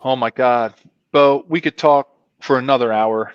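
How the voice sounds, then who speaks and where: A former pro football player, guesting on a casual fan show, tells stories and acts out the voices of the people in them with animated energy. His mid-range voice is clear and resonant, a little slow. The recording is dry, dull and lo-fi, with no room sound.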